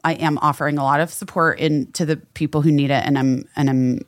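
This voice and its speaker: A woman co-hosts a podcast, telling stories in a casual chat and animatedly acting out other people's voices. She speaks fairly quickly in a low voice, on a dry, studio-quality recording.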